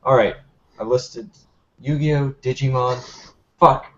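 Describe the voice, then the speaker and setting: A man on a casual podcast, lively and swearing in mock exasperation. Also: mid-range voice, takes it slowly. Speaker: podcast co-host. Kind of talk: casual banter among friends. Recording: dull lo-fi sound with faint noise.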